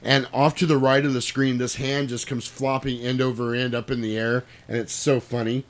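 A man's voice: mid-range voice, normal speed. A man in casual chat, animatedly retelling a movie's plot with plenty of swearing and laughter. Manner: animated, profane, laughs while telling.

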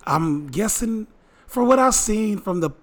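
A man's voice: sits high, expressive, unhurried. A man co-hosting a casual podcast, telling a story in loose, joking banter. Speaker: podcast co-host.

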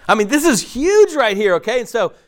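A man preaching a sermon in a conversational, animated way, acting out the voices of the people in the story. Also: very high voice, brisk. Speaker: pastor.

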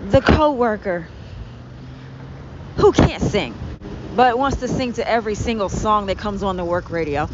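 A woman with a slightly high voice rants through her own podcast, sarcastic, exasperated and quick to swear. The recording is dull and lo-fi. Faint street traffic can be heard in the background. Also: a bit bright. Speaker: podcast host. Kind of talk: ranting solo podcast. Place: indoors near a street with honking cars.

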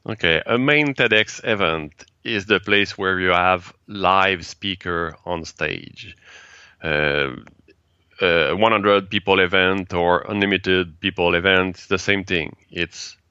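A deep-voiced French-Canadian man speaks slowly and carefully in English, his second language, pausing to hunt for words. His tone is bright and forward, and the recording is dry but slightly muffled and lo-fi. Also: clear, resonant tone, no echo. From Quebec, Canada. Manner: halting, searching for English words, light laughs. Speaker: guest, event organizer. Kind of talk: casual interview chat.

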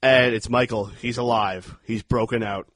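A man co-hosting a podcast, chatting casually as he recaps a horror movie scene by scene, animated and quick to act out outbursts. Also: mid-range voice, no echo. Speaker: podcast co-host. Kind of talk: casual movie review chat.

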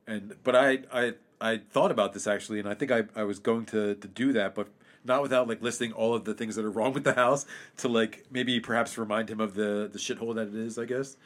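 Fast-talking, rambling young man. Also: lowish voice, steady tone. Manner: rambling, many restarts and fillers, swears casually. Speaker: podcast co-host. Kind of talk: casual chat.

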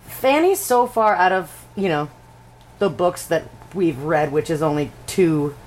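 A woman's voice: lowish voice, lively intonation, measured pace, darkish tone. A woman co-hosting a casual podcast in a laid-back, dry way. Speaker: podcast co-host. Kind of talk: casual chat.

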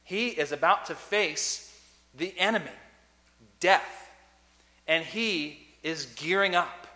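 A man preaching a sermon as a pastor, earnest, swinging between loud emphasis and soft, quiet lines. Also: on the high side. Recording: long reverb of a large hall.

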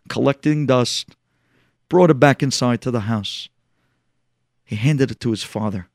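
A man, a rabbi, telling a story, acting out the dialogue and swinging between hushed lines and shouts. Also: mid-range voice, creaky, no room sound, studio quality. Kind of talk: sermon storytelling.

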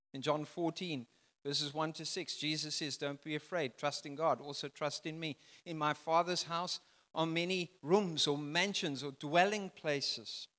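Emphatic bright-voiced male preacher. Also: on the high side, in a large hall. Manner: emphatic preaching, rising loud then dropping soft. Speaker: pastor. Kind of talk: sermon.

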